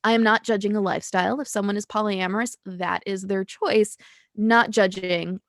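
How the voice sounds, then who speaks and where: Convidada de podcast, mulher, fala solta com muitos "tipo", voz média. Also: female voice, mid-range voice, normal speed, no room sound, clean studio sound. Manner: candid, animated storytelling with filler words. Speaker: guest. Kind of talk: casual podcast chat.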